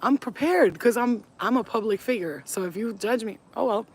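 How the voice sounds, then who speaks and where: Blunt, deep-voiced woman vlogging. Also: normal speed, a little mellow, slightly rough. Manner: blunt, profane, emphatic. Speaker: spiritual reader. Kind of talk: casual to-camera vlog rant. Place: at home, smoking on camera.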